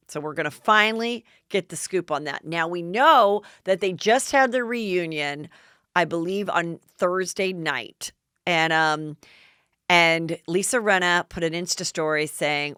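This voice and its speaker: A woman's voice: fairly low pitch, a little slow, sharp tone, clear, resonant tone, no echo, studio quality. A woman hosting a podcast, chatting gossip with sarcastic asides. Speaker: podcast host. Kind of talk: gossip commentary.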